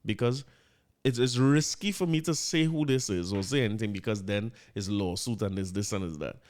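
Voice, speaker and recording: A man's voice: on the low side, moderate pace, a little mellow. A man with a Trinidadian accent hosting a podcast, talking casually in a rambling way, slipping into local dialect and often restarting his sentences. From Trinidad and Tobago. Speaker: podcast host. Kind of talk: casual monologue.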